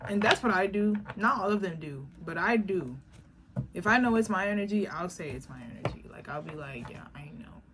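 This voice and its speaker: A woman giving a casual tarot reading, talking bluntly and profanely, animated and laughing often. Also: medium pitch, fairly quick. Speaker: tarot reader. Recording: background noise.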